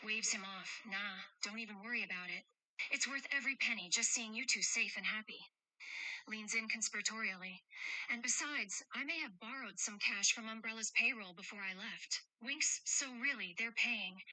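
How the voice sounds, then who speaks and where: A woman voicing a bright, affectionate protector. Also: a little high, moderate pace, no room sound, poor audio. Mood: tender, playful. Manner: gentle, affectionate, teasing. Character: caring adult woman protecting two children. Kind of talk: role-play chat read aloud with stage directions.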